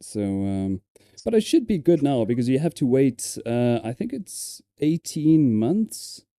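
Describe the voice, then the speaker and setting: A man's voice: mid-range voice, sing-song, measured pace, mellow, no echo, clean studio sound. A man with a South African accent, chatting casually on a live stream, hesitant with many ums and repeated words.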